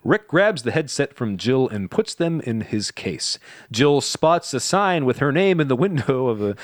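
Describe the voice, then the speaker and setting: A man's voice: medium pitch, very animated, measured pace, dry recording, studio quality. A man co-hosting a comedy podcast, chatting casually and reading stage directions in a rambling, jokey way. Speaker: podcast co-host, narrator.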